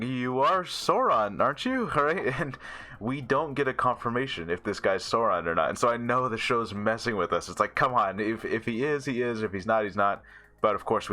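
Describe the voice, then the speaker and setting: A man's voice: on the low side, pushed and bright. A man casually reviewing a TV episode, rambling with many fillers and restarts and laughing often. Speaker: show reviewer.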